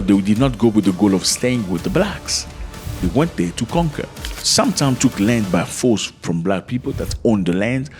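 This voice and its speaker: A man hosting a casual commentary video, talking to his viewers in a conversational way and throwing rhetorical questions at them. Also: on the low side. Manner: addresses viewers as fellas. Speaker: commentary channel host.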